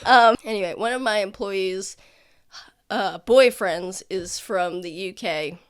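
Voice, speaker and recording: A woman co-hosting a podcast in casual chat, telling stories in an animated, rambling way, laughing often and saying "like" a lot. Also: medium pitch, takes it slowly, clear, resonant tone. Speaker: podcast co-host.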